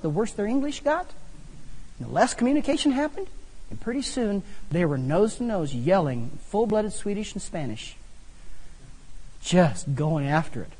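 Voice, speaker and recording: A man preaching a sermon, telling funny personal stories with animated delivery. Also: high voice, breathy edge. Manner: animated, humorous storytelling. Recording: long hall reverb.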